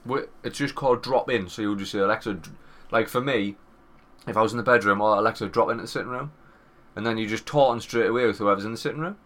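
A man in his thirties with a Northern English accent, co-hosting a podcast and telling a swearing, animated anecdote with quoted voices. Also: on the low side, quick pace. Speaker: podcast co-host. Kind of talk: casual storytelling chat.

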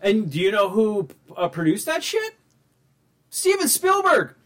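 An excitable young man chatting with friends, his slightly high voice jumping all over the place. He swears freely and keeps acting out movie lines. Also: moderate pace. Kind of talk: casual chat.

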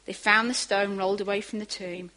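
Animated woman preaching a sermon. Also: mid-range voice, fairly quick, poor audio. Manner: animated, rising to emphatic bursts.

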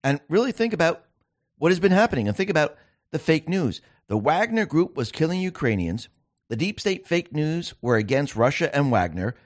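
A man's voice: a little high, big pitch swings, moderate pace, no echo, clean studio sound. A man hosting a political commentary monologue, talking emphatically and firing off rhetorical questions. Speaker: show host.

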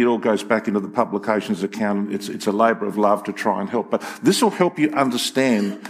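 An older man preaching a sermon to his congregation, animated and joking, with emphatic peaks. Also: fairly low pitch. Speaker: pastor. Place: church hall with congregation.

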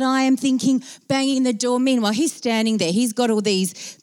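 A woman telling a personal story to an audience, self-mocking and animated, acting out her own panic in quoted speech. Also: on the high side, normal speed, smooth. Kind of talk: anecdote told to an audience.

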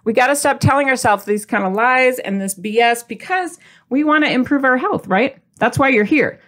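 A woman's voice: high-pitched, animated, normal speed, fairly bright tone. A woman hosting a diet video series. She talks in a casual, motivational way, playful and chatty, and speaks straight to the viewer.

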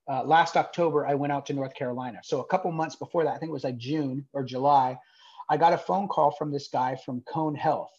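A man's voice: on the high side, a little mellow, lo-fi sound. A man, the founder of a nonprofit, earnestly telling a personal story in a conversation, with lots of "like" fillers. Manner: earnest, rambling, many "like" fillers.

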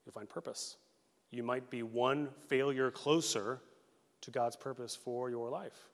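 Male pastor, thirties, conversational animated sermon, mid-pitched, big hall reverb. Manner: casual, animated preaching with quick acted quotes. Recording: long reverb of a large hall.

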